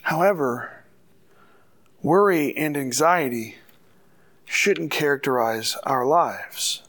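A man's voice: a little high, slow pace, a bit bright. A pastor preaching a sermon to his church, earnest and full of rhetorical questions.

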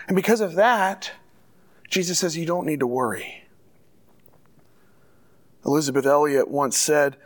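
A pastor preaching a sermon to his church, earnest and full of rhetorical questions. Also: fairly high pitch.

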